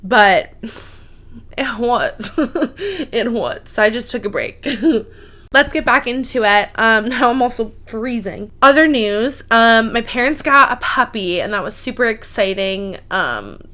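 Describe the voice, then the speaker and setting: A woman in her twenties hosting a casual solo podcast, chatting in a gushing, filler-heavy way with lively jumps in pitch. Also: measured pace. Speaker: podcast host.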